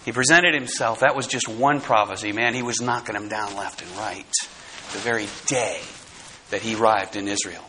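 A man preaching a sermon to his congregation, dramatic, swinging from loud emphasis to hushed tones. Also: on the low side, steady tone, fairly quick, few pauses, a little hiss or hum, rough recording. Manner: speaks straight to the congregation.

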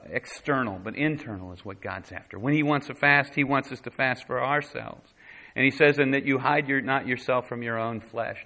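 A man's voice: medium pitch, fairly bright tone, low-quality recording. A man preaching a sermon as pastor, talking conversationally and voicing quotes dramatically.

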